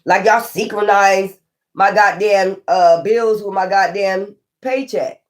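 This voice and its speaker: A woman tarot reader ranting casually to her viewers, profane, animated and exasperated. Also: medium pitch, slow.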